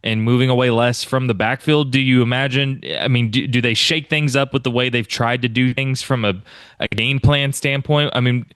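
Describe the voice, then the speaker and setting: Smooth-voiced man asking rambling questions. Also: mid-range voice, steady tone, moderate pace, a bit bright, no echo. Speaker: podcast host. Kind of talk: casual podcast chat.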